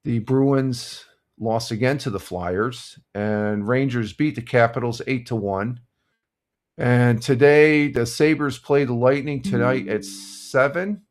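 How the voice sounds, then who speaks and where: An older man hosting a casual live stream, chatting in a relaxed, rambling way with lots of fillers and restarts. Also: mid-range voice, slow. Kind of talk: casual morning chat reading sports scores and viewer comments.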